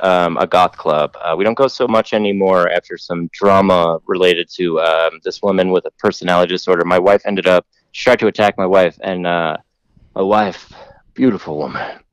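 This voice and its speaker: A man's voice: low-pitched, normal speed, clear, resonant tone, no room sound, poor audio. A man hosting a podcast, telling a long story in a rambling, profane way full of fillers. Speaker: podcast host telling stories. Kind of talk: casual storytelling.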